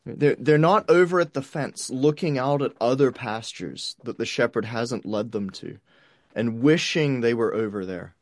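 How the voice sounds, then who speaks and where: A man delivers a sermon in an easy, conversational manner, checking in with "right?" and doubling up words as he thinks. His voice sits at an ordinary pitch, and the recording is dry and close with little room sound. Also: moderate pace, no echo. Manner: stammers and repeats words. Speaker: pastor.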